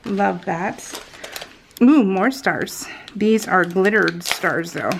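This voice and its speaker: A woman chatting casually as she unboxes craft supplies, gushing with excitement and often dropping into a soft whisper. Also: mid-range voice, slow, creaky, noisy background. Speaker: craft vlogger.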